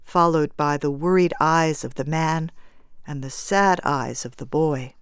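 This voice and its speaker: Woman reading a story, really slow and even, lowish voice. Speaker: narrator. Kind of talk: scripted storybook narration.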